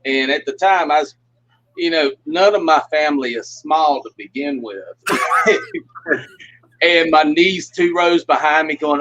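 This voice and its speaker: A man's voice: fairly high pitch, lively intonation, normal speed, a bit bright, slight background noise. A man on a livestream call, telling long folksy stories and laughing often as he goes. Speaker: guest puppeteer. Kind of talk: casual livestream chat, storytelling. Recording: muffled lo-fi audio.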